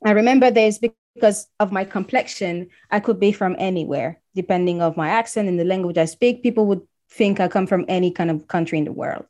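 A woman's voice: medium pitch, fairly quick, hardly any pauses, dark tone. A woman from Congo telling a personal story in casual conversation, acting out the voices of people she quotes.

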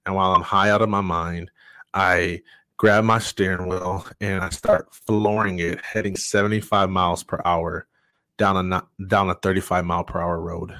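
Middle-aged man, low voice, dry close sound, candid guest sharing his story. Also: flat delivery, bright, forceful tone, dry recording. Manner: earnest and candid, halting with frequent fillers. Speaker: podcast guest. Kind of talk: personal story in conversation.

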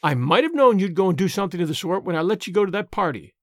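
Guy putting on a stern older lady, sharp and clipped, lively voice. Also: high voice, moderate pace, dry recording, studio quality. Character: stern sensible older woman, sharp-tongued guardian.

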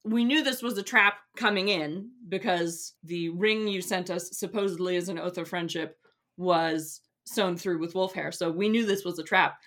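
A captive warrior spits out scornful, defiant replies, as a woman puts him on. Her bright, forceful voice carries his contempt. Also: lowish voice, normal speed, natural voice.

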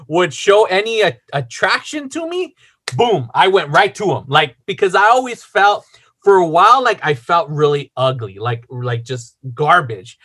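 A man's voice: on the high side, very animated, normal speed, pushed and bright. A man casually telling a long personal story, rambling with lots of fillers and swearing.

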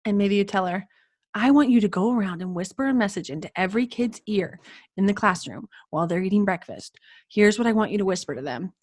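Woman podcast co-host, teacher type, mid-pitched, enthusiastic and conversational. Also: animated, a little fast, darkish tone. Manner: enthusiastic, acts out kind phrases to children.

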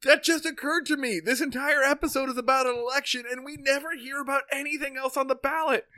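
A man co-hosting a podcast in casual comedic chat, animated and prone to loud excited outbursts. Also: very high-pitched, fast, dry recording. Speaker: podcast co-host.

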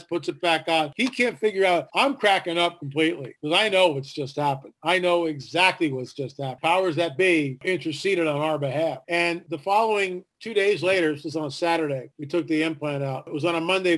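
Male guest, lively storyteller, fairly high voice, acts out others' voices. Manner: animated, acts out quoted voices. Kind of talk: casual storytelling.

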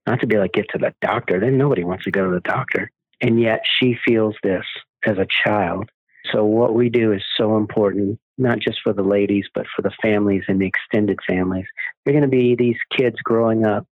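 Appearing as an interview guest, a charity founder who gives away cars, a man in his forties or fifties, shares stories in an earnest manner. His voice is lowish, and the audio is dry and narrow like a phone, with no room sound.

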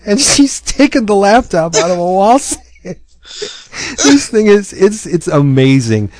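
This podcast host has a high-pitched voice and keeps a measured pace. Chatting casually, he tells a comic's story with animation, performing its lines and leaning heavily on fillers.

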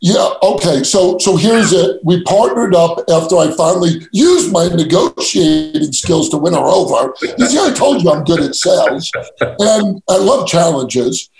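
A brash middle-aged man from New tells his stories in a gravelly voice. He mocks himself and stumbles into quick restarts. His voice sits a little high, and the room around him echoes. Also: lively intonation, a little mellow. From New York. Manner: brash, self-mocking storyteller with stammered restarts. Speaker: guest, real estate agent. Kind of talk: casual storytelling interview.

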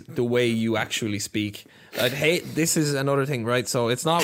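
A man's voice: mid-range voice, moderate pace, hardly any pauses, a bit bright. A man on a podcast, talking bluntly in casual chat, ranting and swearing freely.

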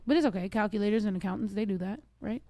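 A woman's voice: medium pitch, racing, mellow, dry recording. A young woman hosting a podcast, joking loosely and cursing freely in casual chat. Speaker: podcast host.

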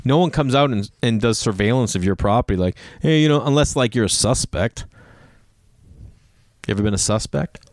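On his own podcast, a thirty-something male host talks casually alone, wandering through anecdotes and voicing quotes loudly. He speaks a little fast in a mid-range voice, and the studio-quality recording has no echo.

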